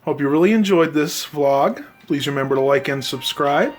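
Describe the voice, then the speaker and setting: A man's voice: a little high, normal speed, soft background music. A man in his bedroom chatting casually in a home vlog, easygoing and rambling with plenty of ums and uhs. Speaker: vlogger.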